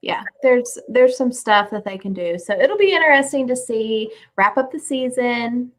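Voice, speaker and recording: Young woman co-host, slightly high voice, low-key and agreeable, casual chat. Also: expressive, normal speed. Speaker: podcast co-host.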